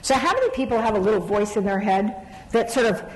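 Animated middle-aged woman in a hall. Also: mid-range voice, fast talker. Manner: animated storyteller, laughs often. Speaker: speaker on women's leadership. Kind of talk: stage panel talk. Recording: long reverb of a large hall.

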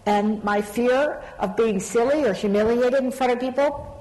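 A middle-aged woman talks to a live audience in a large hall, her voice a touch high and trailing off into a long reverb. She is an animated storyteller who laughs often and lifts into her points. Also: moderate pace. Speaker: speaker on women's leadership. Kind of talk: stage panel talk.

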